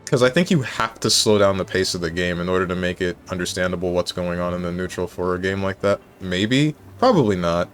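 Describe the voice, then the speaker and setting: A man's voice: low voice, a little fast, hardly any pauses. A male streamer chatting casually on a live stream, thinking aloud and correcting himself as he goes.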